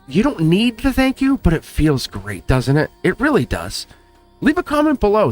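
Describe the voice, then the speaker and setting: A man hosting a tarot channel, giving an earnest, emotional spiritual pep talk straight to his viewers, near tears and repeating himself. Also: high voice. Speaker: tarot reader, channel host.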